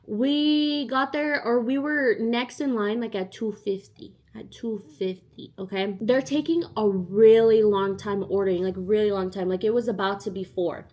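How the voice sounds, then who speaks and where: A woman's voice: medium pitch, fairly even intonation, moderate pace, few pauses, a little mellow. A young woman telling a storytime in a casual, chatty way, acting out the other people in her story. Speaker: vlogger.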